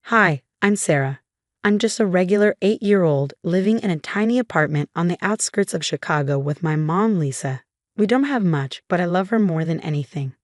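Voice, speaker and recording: A woman reading a first-person story aloud in a steady, even narration. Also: lowish voice, normal speed, no echo, studio quality. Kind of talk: scripted narration.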